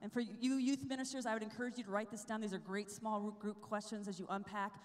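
A young woman giving a lively, chatty preaching talk at a youth conference, often checking in with the crowd. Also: medium pitch, fast talker. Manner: energetic, chatty, asks the crowd "right?" often. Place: large conference hall with a live crowd. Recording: live talk in a big reverberant hall.

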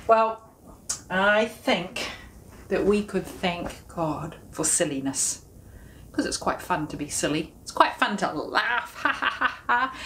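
A woman leading a children's music session, talking and singing in a playful sing-song way, sometimes dropping to a hushed whisper. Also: mid-range voice, slight background noise.

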